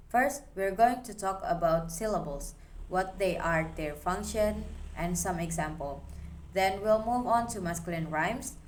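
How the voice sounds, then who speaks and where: A woman's voice: medium pitch, slight background noise. A young woman student giving a recorded class presentation, explaining steadily as she reads through her slides.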